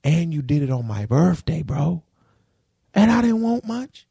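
A man's voice: sing-song, unhurried, vocal fry, warm tone, breathy edge, no echo. Young guy venting at the camera, pissed off, cussing, voice bouncing all over, dry close sound. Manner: indignant, profane, repetitive rant with big pitch swings. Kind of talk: ranting vlog to camera.

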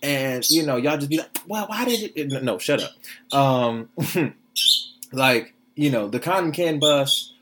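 Young male podcast host, mid-pitched, blunt and profane, noisy home recording. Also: takes it slowly. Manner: animated, blunt and profane, keeps asking "you understand what I'm saying?". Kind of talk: casual solo podcast commentary.

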